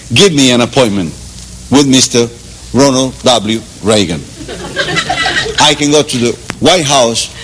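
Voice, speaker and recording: A man's voice: medium pitch, big-room sound, lightly acted, rough recording. A man voicing a boastful American man who lectures and repeats himself as he brags. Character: boastful male American man bragging about freedom.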